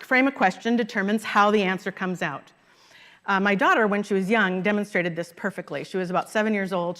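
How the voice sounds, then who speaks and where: A woman's voice: mid-range voice, fairly bright tone. Woman minister preaching, conversational. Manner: conversational, laughs at her own stories. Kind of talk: sermon. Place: church sanctuary.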